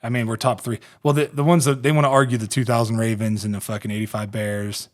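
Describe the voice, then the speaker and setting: A man's voice: mid-range voice, level tone, fast. Profane, rambling man telling stories. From Ohio, US. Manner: rambling, profane, laughing through his stories. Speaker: podcast host and former pro football player. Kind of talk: casual podcast storytelling.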